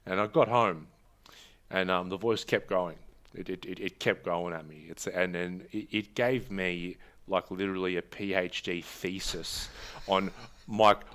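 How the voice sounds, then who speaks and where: A man, talking casually on a podcast. His voice is low and smooth as he rambles through a story, doubling back on his words. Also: a little slow, fairly bright tone. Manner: rambling, restarts words, laughs at own stories. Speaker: podcast co-host. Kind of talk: casual chat.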